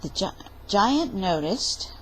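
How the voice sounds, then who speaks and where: A woman reading a story aloud at storytime in a playful, expressive way. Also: mid-range voice, slow, slight background noise, rough recording. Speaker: library storyteller.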